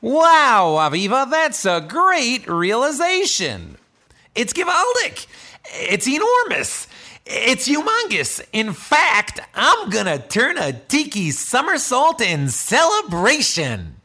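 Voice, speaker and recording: Guy playing a bouncy talking backpack buddy, slow and chuckly, voice leaps all over the place. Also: huge pitch swings, fairly bright tone, exaggerated voice. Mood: excited. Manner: rhyming, bouncy, chuckling, sudden swoops in pitch. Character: cheerful talking flying backpack, playful and kind. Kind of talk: children's audio drama.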